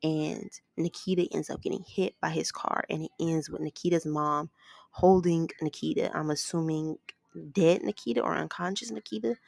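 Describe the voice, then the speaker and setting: A woman's voice: deep voice, steady tone, normal speed, gravelly, darkish tone, no room sound. A woman casually recapping a movie plot, rambling from scene to scene with lots of "like" and "ends up". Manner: rambling, strings events with "like" and "ends up".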